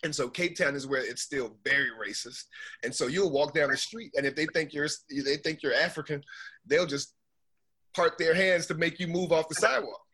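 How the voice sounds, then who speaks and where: An American man talks casually on a podcast and tells animated stories. His voice is bright and forward, with a husky edge. He slips into the voices of the people he quotes. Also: on the high side, normal speed. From United States. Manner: animated storyteller, acts out quotes. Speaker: podcast guest. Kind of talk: casual chat.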